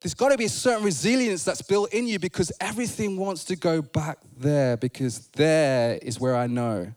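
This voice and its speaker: A man preaching a sermon in a church, animated, playful and conversational. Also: a little high, moderate pace. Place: church sanctuary.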